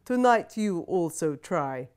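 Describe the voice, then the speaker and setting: A woman's voice: lowish voice, animated, slow, darkish tone. A woman reading aloud, voicing an imperious eighty-year-old grandmother who speaks with formal, slightly foreign phrasing. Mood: commanding. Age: 80s.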